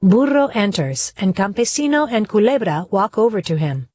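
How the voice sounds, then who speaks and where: A woman's voice: mid-range voice, sing-song, normal speed, a little mellow, no echo. A woman reading a children's play aloud, including the stage directions. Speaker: reader.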